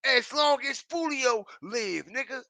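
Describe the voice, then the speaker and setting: A man's voice: extremely high pitch, lively intonation, measured pace, vocal fry, sharp tone, no room sound. A man giving a ranting online commentary, emphatic and profane, repeating himself and checking in with his listeners. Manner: emphatic, repetitive, keeps checking in with the audience; profane and mocking.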